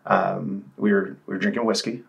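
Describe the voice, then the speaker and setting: A man's voice: low voice, little pitch movement, normal speed, vocal fry. A man in his thirties, a musician guest, telling his story candidly in a casual interview, rambling with restarts.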